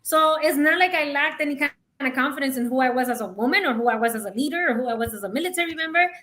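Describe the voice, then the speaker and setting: High-voiced, frank woman podcast co-host. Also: rapid-fire, a bit bright. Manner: frank, emphatic, laughs often. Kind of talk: candid casual chat.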